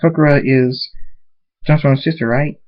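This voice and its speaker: A man's voice: a little high, steady tone, unhurried, lightly acted. A man voicing an earnest young male hero in a fan-made story reading, urgent and pleading. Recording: dull lo-fi recording.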